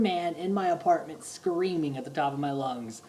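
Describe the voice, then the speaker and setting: A man casually reviewing movies on his vlog, talking like an excitable, gushing fan with lots of rambling restarts. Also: a little high, normal speed, few pauses.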